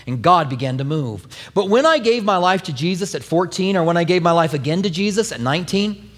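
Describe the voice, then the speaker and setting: A male pastor preaching a sermon, telling a personal story with lively, acted-out quotes. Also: fairly high pitch, in a large hall. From New Mexico.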